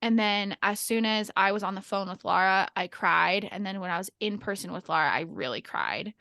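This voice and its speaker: A woman's voice: mid-range voice, normal speed, creaky, pushed and bright, no echo, studio quality. A young adult woman chatting casually on a podcast, telling a story with lots of filler words and nervous laughs. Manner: laughs nervously while recounting.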